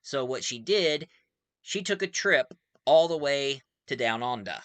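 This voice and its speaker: Bright man with a put-on Australian accent. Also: medium pitch, animated, unhurried, dry recording. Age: 40s. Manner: chatty, self-correcting, laughs between remarks. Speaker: movie reviewer. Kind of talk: casual video review.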